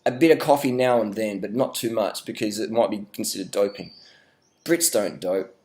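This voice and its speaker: An Australian man vlogging a rambling, deadpan sarcastic rant, swearing now and then. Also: fairly low pitch, moderate pace.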